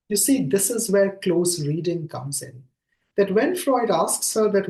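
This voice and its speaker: A man's voice: high-pitched, takes it slowly, a little mellow. A man giving an academic lecture over a video call, talking conversationally with many fillers and restarts between read extracts. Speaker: guest lecturer. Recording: echoey room sound.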